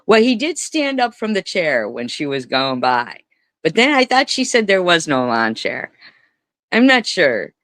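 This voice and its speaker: A woman streamer rambles through live commentary, swearing freely and stacking repeated words for emphasis. She speaks slowly, with a smooth, clean tone. The sound is dry and close, with no room echo. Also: lowish voice, sing-song, fairly bright tone.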